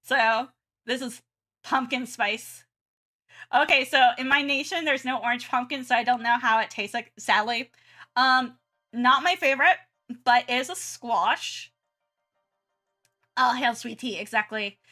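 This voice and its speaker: Woman, young adult, casual stream chat, giggly, bright tone, faint music behind. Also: fairly high pitch, unhurried, pauses often. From Southern United States. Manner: chatty and giggly, many restarts and fillers. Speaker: art streamer.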